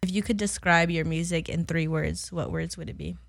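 A young woman hosting a casual music interview. She asks relaxed, encouraging questions with plenty of "like." Her voice sounds dry and close, with no room echo. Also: low voice, brisk, creaky.

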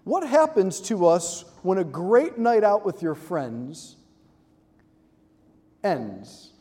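A man giving an animated, joking talk to a live audience, acting out quick voices. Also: sits high, slightly rough, long reverb tail. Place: large hall with audience.

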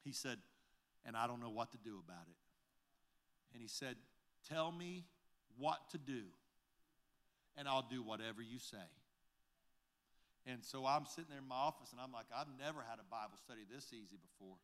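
A male pastor telling a story in a sermon, recounting conversations line by line with many "I said, he said" turns and halting restarts. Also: medium pitch, lively intonation, a bit bright. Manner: recounts conversations, retelling each exchange with repeated "I said, he said"; halting restarts and repeated words.

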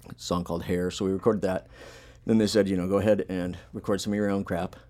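With a deep, warm voice, little pitch movement and a quick pace, a podcast-hosting punk musician chats casually. His storytelling is long, rambling, profane and relaxed, heavy on filler words.

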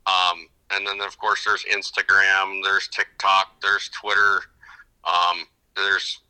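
A middle-aged man talking casually as a fishing guide on an interview show. He rambles through his stories with lots of false starts and restarts. His voice sits on the low side but has a sharp, very bright edge to it. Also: low-quality recording. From upper Midwest of the United States. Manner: rambling storyteller with many restarts. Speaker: fishing guide and podcast guest.

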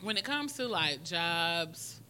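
A woman hosting a casual chat and telling a story in an animated, profane way. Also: on the low side, takes it slowly, slight background noise. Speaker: podcast host.

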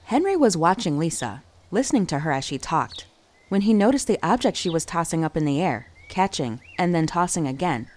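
A woman reading a children's mystery story aloud, giving each character an expressive voice. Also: fairly low pitch, brisk. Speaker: audiobook narrator. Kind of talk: storybook narration.

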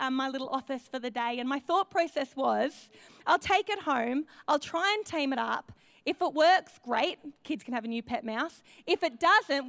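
An Australian woman in her thirties telling a personal story to a church congregation, acting out her own quoted thoughts with lively energy. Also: sits high, dry recording. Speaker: church speaker.

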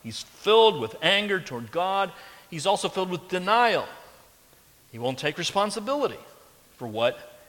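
A man's voice: sits high, sing-song, moderate pace, pauses often, a bit bright. A man preaching a sermon, emphatic and pressing his listeners with rhetorical questions. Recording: long hall reverb.

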